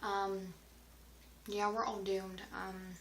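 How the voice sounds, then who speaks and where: A woman's voice: medium pitch, level tone, drawn-out words, a little hiss or hum. A woman answering viewer questions in a casual, rambling vlog, sometimes dropping to a whisper. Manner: rambling, chatty, drifts into whispers at times. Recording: roomy echo.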